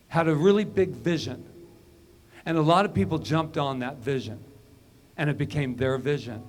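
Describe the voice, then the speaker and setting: A male minister giving a conversational sermon, telling personal stories and dropping to a hush for inner moments. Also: on the high side, slight background noise. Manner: conversational and storytelling, drops to a hush when recounting inner moments.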